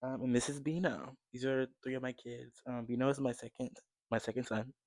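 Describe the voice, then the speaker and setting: A man's voice: mid-range voice, fairly even intonation, brisk, darkish tone, dry recording. A man in his twenties from the United States, chatting casually and rambling to camera from his bed, turning upbeat as he shows things off. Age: 20s. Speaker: vlogger.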